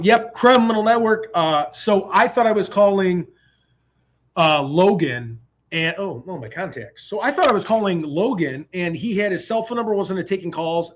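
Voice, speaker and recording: A man hosting a live call-in stream from a hotel room, talking casually and rambling between jokes. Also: high voice. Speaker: host.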